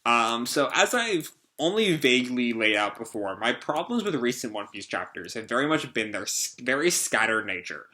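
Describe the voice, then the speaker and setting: Man, casual comic reaction host, bright tone, rambling with fillers. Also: mid-range voice, big pitch swings, normal speed, few pauses. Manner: rambling, with many fillers and restarts. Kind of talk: casual live reading and reaction.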